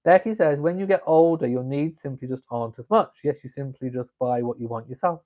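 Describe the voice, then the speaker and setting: Speaking fairly quickly in a mid-range, dark-toned voice, an Englishman hosts a casual live stream from home. He drinks coffee while reading viewer comments aloud and chatting in a camp, playful manner.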